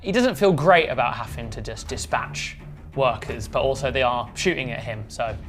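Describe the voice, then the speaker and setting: A man's voice: medium pitch, normal speed, fairly bright tone, faint music behind. A man playing in a tabletop game, chatting casually as a player. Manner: chatty, laughs easily.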